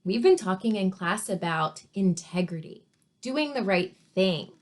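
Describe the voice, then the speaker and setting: A woman teacher reading a storybook to children, pausing to ask questions and explain words. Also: mid-range voice, animated. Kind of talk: read-aloud story lesson for children.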